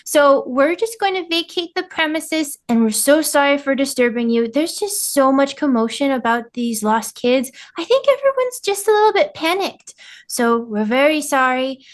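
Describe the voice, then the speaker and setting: A woman voicing a small, apologetic adventurer who soothes a stranger. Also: measured pace. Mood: soothing. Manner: soothing, apologetic, rising pitch.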